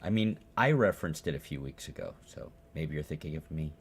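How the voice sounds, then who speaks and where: A man co-hosting a podcast, chatting casually in a dry, deadpan way with halting fillers. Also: very deep voice, breathy edge. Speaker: podcast co-host. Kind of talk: casual chat.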